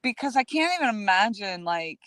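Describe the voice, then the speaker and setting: A woman's voice: mid-range voice, expressive, brisk, a bit bright, dry recording. Chatty woman live streaming from a kayak. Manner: chatty, talks straight to viewers. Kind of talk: casual live-stream chat. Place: outdoors on a lake, in a kayak. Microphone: handheld phone camera.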